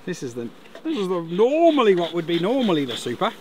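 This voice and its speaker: A lively, high-pitched middle-aged man with an Australian accent talks through his beekeeping in a chatty, chuckling way. His voice swings up and down a lot, and the outdoor recording carries steady buzzing and ambient noise behind him. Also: fast. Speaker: beekeeper vlogger. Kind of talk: casual hands-on commentary while working. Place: outdoors at beehives. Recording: outdoor camera mic, noticeable ambient noise. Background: buzzing bees and insects.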